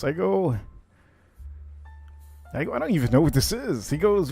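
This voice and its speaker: Animated, chatty man hosting a drinks stream. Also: fairly high pitch, moderate pace, creaky, long pauses, faint music behind. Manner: chatty, rambling, animated asides. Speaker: livestream whiskey cocktail host. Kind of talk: casual livestream chat.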